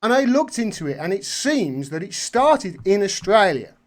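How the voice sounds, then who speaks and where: A man hosting a live video call, talking animated and swearing freely as he rants. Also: high-pitched, moderate pace. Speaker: host. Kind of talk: casual chat.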